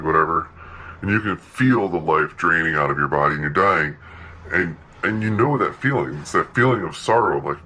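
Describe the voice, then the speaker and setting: A man's voice: rumbling low, moderate pace, bright, forceful tone, low-quality recording. A man telling a laid-back story in a casual monologue, swearing freely and acting out quotes. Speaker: podcast host.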